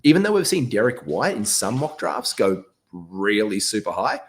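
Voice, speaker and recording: Lively low-voiced man chatting. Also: a little hiss or hum. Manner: animated, quick asides and restarts. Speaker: podcast host. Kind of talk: casual fantasy sports chat.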